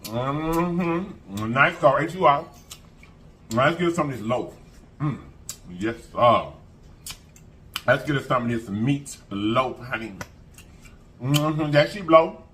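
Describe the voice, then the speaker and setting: A man's voice: mid-range voice, takes it slowly, long pauses, a little hiss or hum. A man hosting an eating show, chatting casually to viewers and humming as he eats. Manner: animated, sing-song hype, lots of humming while eating. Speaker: mukbang host.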